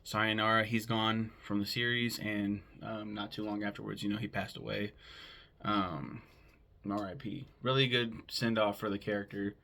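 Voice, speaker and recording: A man's voice: lowish voice, level tone, moderate pace, vocal fry, pushed and bright. A man casually recapping a movie plot in a rambling way, with lots of filler words and swearing. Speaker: film podcast host.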